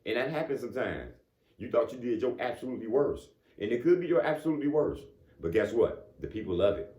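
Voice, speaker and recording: A man's voice: mid-range voice, big pitch swings, quick pace, warm tone. A man giving a casual motivational talk. He speaks conversationally, keeps asking "you know what I'm saying," and chuckles between points. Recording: echoey room.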